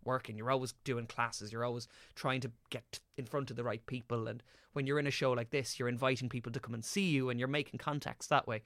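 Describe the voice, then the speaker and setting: A young man in his late twenties, an actor on a podcast, talks in a bright, forceful voice. He tells stories with lively energy and drops casual swear words. The sound is close and dry, with no room around it. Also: mid-range voice, quick pace, hardly any pauses, dry recording. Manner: animated anecdotal storytelling with casual swearing. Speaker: actor guest.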